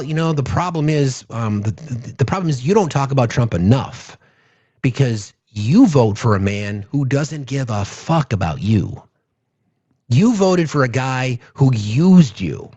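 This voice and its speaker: A man's voice: medium pitch, a little mellow, breathy edge, no room sound. A man hosting a political call-in show, talking in an impassioned, profane, ranting way. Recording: dull, lo-fi, dry.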